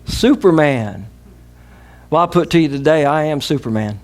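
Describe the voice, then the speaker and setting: A man's voice: a little high, lively intonation, normal speed. A middle-aged man with a Southern US accent, preaching a sermon as pastor, calling on the congregation to repeat after him. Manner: emphatic preaching with call-and-response.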